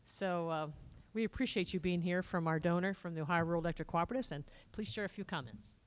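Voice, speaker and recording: Speaking fast in a lowish, clean-toned voice, a woman hosts a live state fair stage show. She holds a corded handheld microphone and comes across as folksy and full of enthusiasm.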